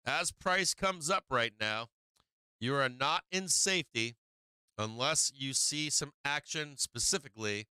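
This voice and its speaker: Bright, crisp male stock stream host. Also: medium pitch, lively intonation, a little slow, no room sound. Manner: talks to viewers and his cat, repeats "right?" and "okay?". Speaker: stock market livestream host. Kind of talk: casual live-stream market commentary.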